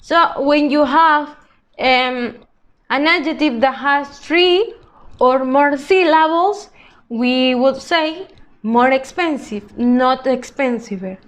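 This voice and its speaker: A woman's voice: high-pitched, slow, fairly bright tone. A woman teaching an English grammar lesson to children, speaking patiently and drawing out example words to model them.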